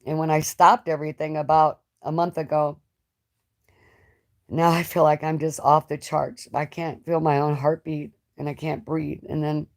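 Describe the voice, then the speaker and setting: A woman host in a live-stream chat, talking in an emotional, rambling way with many halting restarts. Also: low voice, level tone. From United States. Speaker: channel host.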